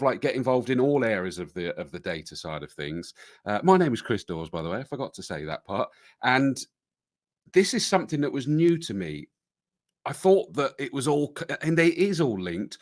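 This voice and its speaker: A man's voice: mid-range voice, no room sound, studio quality. A British man hosting a podcast, chatting casually with a jokey, self-deprecating manner. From Britain. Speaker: podcast host.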